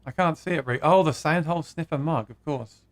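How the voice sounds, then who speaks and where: A man's voice: on the high side, a little fast. A man hosting a live guitar stream, chatting casually, reading viewer comments aloud and laughing at his own jokes.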